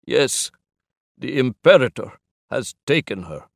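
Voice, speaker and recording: A grave older scientist, played by a male narrator, speaks in formal, measured sentences. His gravelly voice swings widely in pitch. It is an audiobook character. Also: big pitch swings, no room sound, clean studio sound, heavily acted.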